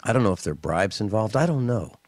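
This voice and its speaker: A man hosting a talk radio show, telling stories and ranting in an indignant, animated way with mocking asides. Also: lowish voice, fast talker, dry recording.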